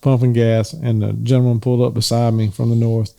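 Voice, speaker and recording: A man's voice: medium pitch, little pitch movement, brisk, creaky, warm tone. A man with a Southern accent, co-hosting a podcast in a joking, storytelling manner. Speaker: podcast co-host. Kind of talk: casual chat.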